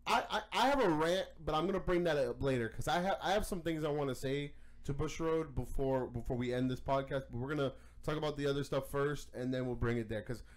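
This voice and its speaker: On a card game podcast, a male co-host rants hotly and casually, full of curses and stumbling restarts. He speaks at a quick pace in a mid-range voice.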